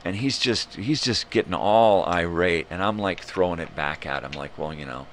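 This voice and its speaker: A man hosting a live morning show, ranting in a rambling, profane, animated way. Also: low-pitched, normal speed, slight background noise. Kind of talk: casual rant.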